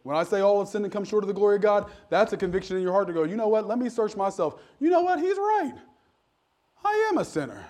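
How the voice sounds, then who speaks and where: High-voiced preaching pastor, folksy and emphatic. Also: male voice, very animated, quick pace, darkish tone. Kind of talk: sermon. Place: church.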